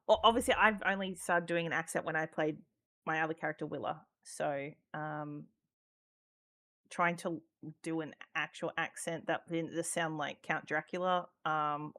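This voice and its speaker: A woman's voice: low-pitched, a bit bright. An Australian woman chatting casually as a podcast guest, talking freely with lots of ums, swearing and laughter. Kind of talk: casual chat.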